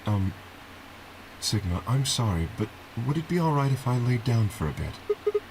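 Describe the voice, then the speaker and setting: Tired apologetic young man, voiced by a male streamer, deeper voice, faint background noise. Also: big pitch swings, normal speed, darkish tone, close to an everyday voice, poor audio. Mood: weary. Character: weary young man with a splitting headache. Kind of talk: voicing game dialogue.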